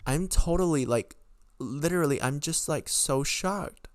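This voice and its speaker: A man's voice: a little high, normal speed, no echo, studio quality. A young man hosting a podcast, telling a storytime in a rambling, exasperated way, full of filler words and swearing. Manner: exasperated, incredulous. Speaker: podcast host. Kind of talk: casual storytime rant.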